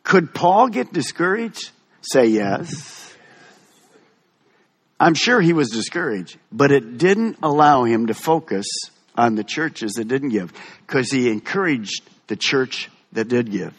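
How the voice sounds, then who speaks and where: Male pastor, emphatic sermon delivery, lively pitch, slightly husky. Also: takes it slowly. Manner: animated, emphatic preaching with wide swings.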